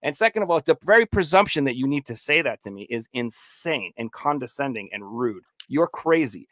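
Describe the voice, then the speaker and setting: A man's voice: mid-range voice, animated, brisk, fairly bright tone, no echo. A man hosting a podcast, ranting heatedly and profanely in casual talk, now and then mocking people in made-up quotes. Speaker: podcast host.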